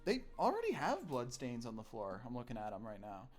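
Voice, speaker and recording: A man's voice: medium pitch, wildly swooping pitch, music in the background. A man running a tabletop game, chatting casually and joking with his players over a voice call. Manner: joking, quick to laugh. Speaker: game master. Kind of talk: casual pre-game chat.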